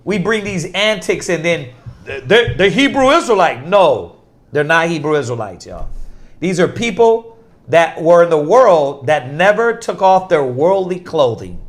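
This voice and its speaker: A man's voice: a little high, big pitch swings, measured pace. A man teaching scripture to a class, emphatic and repetitive, firing off rhetorical questions. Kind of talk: preaching in a class.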